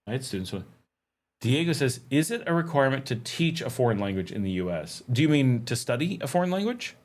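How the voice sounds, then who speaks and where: A man's voice: mid-range voice, big pitch swings, fairly quick. A middle-aged man hosting a casual livestream Q&A, reading viewer questions aloud and answering them with frequent ums. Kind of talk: casual live Q&A chat.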